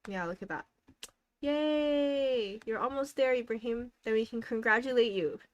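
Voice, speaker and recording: A woman's voice: on the high side, moderate pace, highs cut off. A young woman hosting a casual live stream, cheerfully encouraging viewers and reading out their goals with frequent giggles. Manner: giggles often between remarks. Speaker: livestream host.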